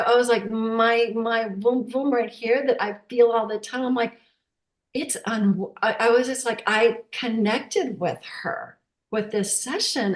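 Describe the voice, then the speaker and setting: A woman talking as a guest, telling personal stories in a halting way with many restarts and fillers. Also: a little high. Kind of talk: casual personal storytelling. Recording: roomy echo.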